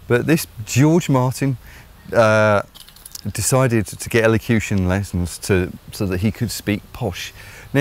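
A man with an English accent giving opinionated solo commentary, rambling and hesitant with lots of fillers and blunt, sardonic asides. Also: lowish voice. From England. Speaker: vlogger host.

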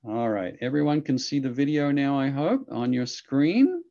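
Animated, gravelly man teaching children. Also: medium pitch, moderate pace, dull audio. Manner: enthusiastic, animated, coaxing. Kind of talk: online children's lesson.

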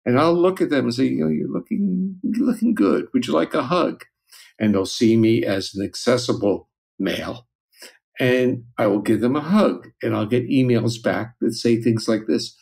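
A man speaking as a guest scientist, earnest and measured in reflective interview talk. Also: on the low side, darkish tone.

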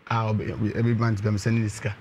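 A man calling in to tell a personal problem, speaking in a slow, halting way. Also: lowish voice, little pitch movement, warm tone. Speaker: caller.

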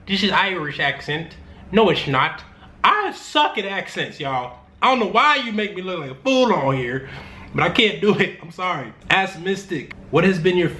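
A man's voice: medium pitch, bright, forceful tone, slight background noise. A young man answering fan questions in a casual vlog, joking and rambling in loose, slangy talk. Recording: roomy room with faint ambience.

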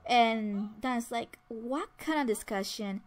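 Taking it slowly in a slightly high voice, a woman narrates a life-simulation game as a let's play. Her commentary is casual and chatty, she speaks the sims' lines herself, and she frequently starts over.

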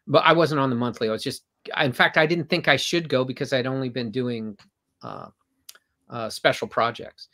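A man's voice: medium pitch, lively intonation, moderate pace. An older man, a comic artist guest, telling long anecdotes with frequent restarts in a casual interview. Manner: rambling, warm anecdotes with restarts.

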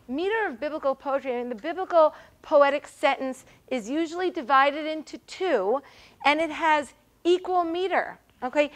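High-voiced woman teaching a Bible class. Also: a bit bright. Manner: explanatory, checks in with "right?" and "okay?"; frequent fillers and repeated words. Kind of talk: classroom lecture. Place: synagogue hall.

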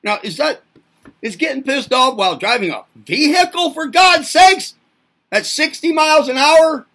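A man with a very high, sharply bright voice talks through a loose self-help lecture. He rambles, keeps firing rhetorical questions at the listener and swears casually along the way. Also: expressive, moderate pace. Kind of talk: informal lecturing monologue.

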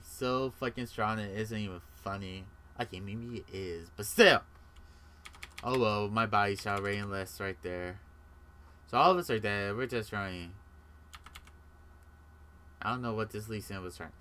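Bright-voiced young man rambling over gameplay. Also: fairly low pitch, animated, moderate pace, slight background noise. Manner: rambling, jokey, swears freely, quotes himself in-game. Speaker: gaming commentator. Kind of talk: casual gameplay commentary.

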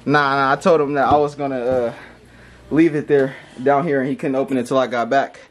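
A young man hosting a prank vlog, hyped and laughing as he calms everyone down. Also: mid-range voice, brisk. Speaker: YouTube prankster host. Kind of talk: casual vlog chat.

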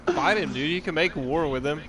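A man's voice: on the high side, a little fast, noisy background. A young man playing a streamed game with friends, wisecracking in laid-back casual banter.

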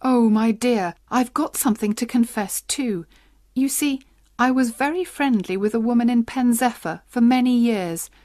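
A woman reading the part of a cheerful, excitable old husband in a simple storybook. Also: fairly high pitch, moderate pace, dry recording, studio quality, pitched above the performer's own voice, close to an everyday voice. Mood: confiding. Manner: jolly, excitable.

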